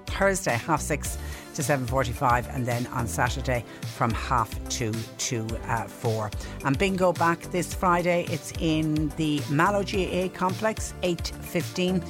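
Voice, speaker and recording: Chatty woman radio presenter. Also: sits low. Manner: chatty, frequent restarts and asides to listeners. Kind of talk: radio chat, reading listener messages. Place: radio studio. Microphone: studio microphone.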